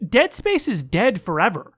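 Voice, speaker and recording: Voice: medium pitch, wildly swooping pitch, normal speed, fairly bright tone, slightly rough. A podcast co-host in a casual gaming chat, musing aloud with a wry edge.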